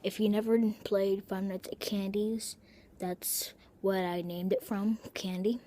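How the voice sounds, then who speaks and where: A woman chatting casually in a home video, showing her pet and rambling with breathy asides and self-corrections. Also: medium pitch, flat delivery, a little slow, dark tone.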